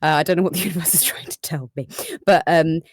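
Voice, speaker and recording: A woman voice actor chatting casually on a live stream, animated and self-mocking. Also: low-pitched, quick pace, no room sound, clean studio sound. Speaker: voice actor guest.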